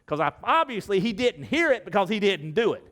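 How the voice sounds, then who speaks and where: High-voiced pastor preaching with loud-soft swings. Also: male voice, big pitch swings, brisk. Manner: asks the congregation questions directly. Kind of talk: sermon. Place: church sanctuary.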